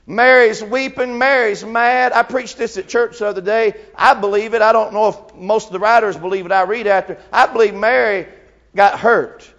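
A man's voice: high voice, fairly even intonation, moderate pace, a bit bright, lo-fi sound. A man in his fifties preaching a sermon fervently, with frequent filler sounds between phrases.

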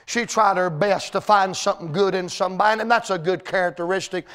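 A pastor preaches in a high, ringing voice. He tells folksy stories, then climbs into shouted lines, stretching out key words. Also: steady tone, fairly quick, clear, resonant tone. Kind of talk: sermon.

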